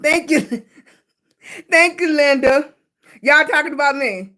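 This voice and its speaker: A middle-aged woman hosts a casual livestream and chats with her viewers. Her voice sits high and she runs a little short of breath between phrases. She laughs often and greets people by name. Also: takes it slowly, pushed and bright. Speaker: livestream host.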